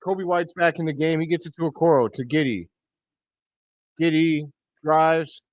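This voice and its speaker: A man hosting a live reaction stream, giving blunt, excitable play-by-play commentary with loud outbursts. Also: a little high, moderate pace, no room sound, highs cut off. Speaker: host of a fan reaction stream.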